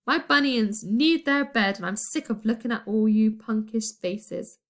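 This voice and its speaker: A woman's voice: a little high, a little slow. A woman voicing a grumpy, bossy old grandmother who barks her words. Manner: barking, blunt.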